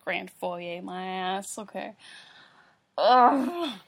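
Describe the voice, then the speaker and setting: This reader has a medium-pitched, breathy voice with vocal fry and keeps a measured pace. She's by herself at home, reading fan fiction into a computer mic, tripping over words, swearing, and chuckling at her own mistakes.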